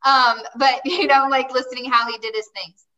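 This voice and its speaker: A woman's voice: high-pitched, fairly even intonation, normal speed, bright, forceful tone, far from the mic, muffled recording. A woman guest telling her life story in a chatty way, often quoting herself and saying "like". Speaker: interview guest. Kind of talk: personal storytelling.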